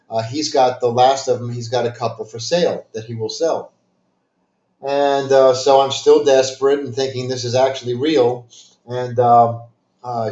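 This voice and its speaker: A man's voice: mid-range voice, darkish tone. A man telling stories in a casual, rambling way with many fillers and restarts and a dry sense of humor, heard over a video call. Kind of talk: casual storytelling. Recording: echoey, dull lo-fi sound.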